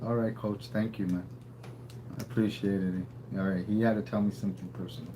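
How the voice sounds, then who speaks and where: A man's voice: on the low side, steady tone, a little fast, background noise. A man co-hosting a casual livestream, rambling and laid-back, tagging sentences with "eh". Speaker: livestream co-host.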